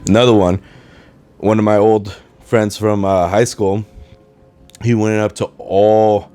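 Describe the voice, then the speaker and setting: Recording his podcast at home, this man rambles casually and keeps losing his thread, speaking English lightly accented by Spanish, R's rolled. His lowish voice is smooth, mellow, flat and unhurried. Behind him, a dishwasher hums along with faint video game music.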